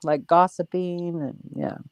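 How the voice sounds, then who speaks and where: A woman from Oregon and Washington joins a live stream in casual, supportive chat. She talks fast and laughs easily. Her voice sits a little low. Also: steady tone, clear, resonant tone, dry recording.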